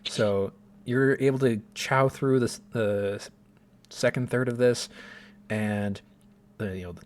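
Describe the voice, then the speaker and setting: A man narrating a tabletop game as game master, describing scenes in a relaxed way with filler words. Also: medium pitch, slow.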